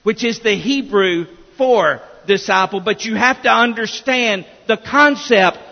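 Slow, gravelly-voiced pastor preaching in a hall. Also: male voice, high voice. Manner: emphatic preaching with repeated restarts. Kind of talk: sermon. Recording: dull reverberant church recording.

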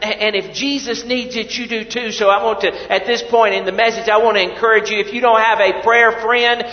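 A high-pitched male pastor preaches slowly in a big echoing hall, and the recording sounds dull and lo-fi. He drops to near whispers, then climbs to loud, emphatic lines, often repeating himself as he restarts. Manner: preaching with swings from soft, hushed lines to loud emphatic ones. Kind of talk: sermon.

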